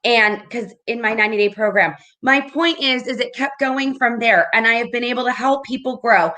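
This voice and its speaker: A woman's voice: fairly high pitch, moderate pace, pushed and bright. A woman hosting a casual talk as a business coach, upbeat and encouraging. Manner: upbeat, encouraging, keeps asking "right?".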